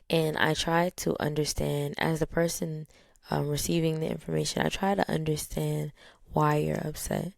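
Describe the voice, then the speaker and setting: Low, gravelly woman speaking calmly. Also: moderate pace, no echo, clean studio sound. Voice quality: low, even tone. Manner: calm, steady, many fillers. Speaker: podcast host. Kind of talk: casual reflective talk.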